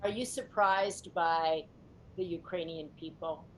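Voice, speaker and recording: A woman interviewer asks measured, probing questions, her voice pitched somewhat low. A faint low rumble sits under the recording. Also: fairly even intonation, low-quality recording.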